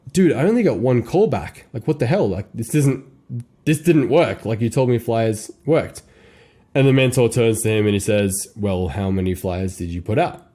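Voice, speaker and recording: A young man teaching an online course in a casual, slangy, energetic way, telling stories with voiced asides. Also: mid-range voice. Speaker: copywriting course instructor. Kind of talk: casual instructional talk.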